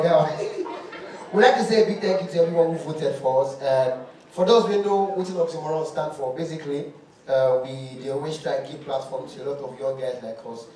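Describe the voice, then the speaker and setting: A man with a Nigerian accent performs animated stand-up comedy, switching between pidgin and Yoruba and breaking into chants. His voice sits high for a man. The sound comes from a distance in a large, booming, echoey hall. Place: large indoor awards stage.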